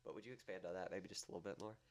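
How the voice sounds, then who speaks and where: A man's voice: deep voice, fairly even intonation. A man hosting a podcast interview, asking questions and agreeing briefly. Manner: brief affirming interjections, quick. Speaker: podcast host. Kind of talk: casual interview.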